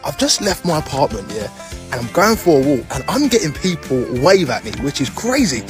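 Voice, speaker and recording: A man from the UK vlogging outdoors on a walk, amused and animated as he tells what happens. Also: fairly high pitch, a little fast. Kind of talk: vlog while walking. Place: outdoors on a street. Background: music.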